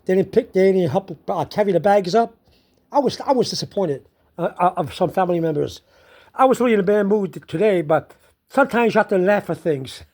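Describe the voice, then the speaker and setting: In an expressive, slightly mellow mid-range voice, a storyteller slowly recounts their frustrating day, looping over the same phrases again and again. Laughter breaks out often along the way.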